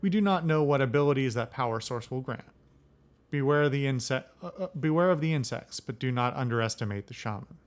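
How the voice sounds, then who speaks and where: A man's voice: medium pitch, animated, fairly quick, lightly acted. Man reading as a solemn male elder. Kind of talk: reading game dialogue aloud.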